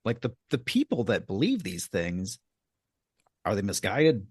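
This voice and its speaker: A man's voice: fairly low pitch, huge pitch swings, a little slow, breathy edge, dry recording, studio quality. A man co-hosting a podcast in casual chat, hesitant with many ums and stammered starts. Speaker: podcast co-host.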